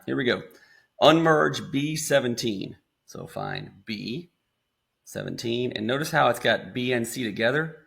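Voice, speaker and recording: A man with an American accent and a low, gravelly voice acts as an instructor, casually walking students through a screen-recorded software tutorial step by step.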